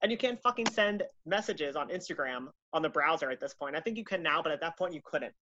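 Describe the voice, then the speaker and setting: A woman telling a casual anecdote in a profane, animated, self-mocking way. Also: deep voice, quick pace, dull audio, slight background noise. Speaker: storyteller.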